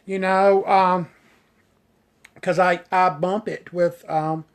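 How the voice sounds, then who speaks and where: A hairstylist with a high, clear, resonant voice chats casually on a live stream and answers viewer comments, speaking slowly in a steady tone. He rambles with enthusiasm, leans heavily on "you know," and gets tongue-tied on hard words.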